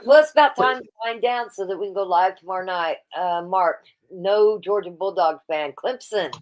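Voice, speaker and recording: A woman's voice: medium pitch, normal speed. A woman hosting a casual livestream, chatting and reading viewer comments aloud. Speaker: livestream host.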